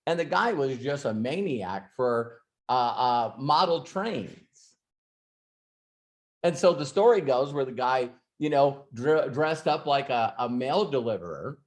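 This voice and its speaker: A man hosts an ask-me-anything session in a relaxed, storytelling manner. He rambles, restarts his sentences and throws in asides as he goes. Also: medium pitch, measured pace. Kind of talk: casual storytelling and advice.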